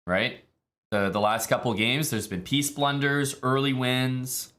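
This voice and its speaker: A man from Canada, streaming chess in a relaxed, chatty way with many fillers. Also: medium pitch, unhurried. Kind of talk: casual live-stream commentary.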